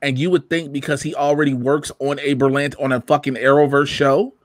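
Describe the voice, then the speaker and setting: A young adult man hosting a casual podcast chat, animated and profane, breaking into shouted mocking quotes. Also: mid-range voice, brisk, no room sound, clean studio sound. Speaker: podcast host.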